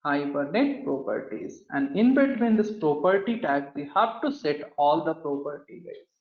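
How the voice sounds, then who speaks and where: A man's voice: on the high side, animated, normal speed, roomy sound, narrow, tinny audio. A man teaching a live coding lesson, talking through each step as he types and often calling the class "guys". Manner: talks through steps while typing, often addresses the class as "guys". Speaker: programming instructor.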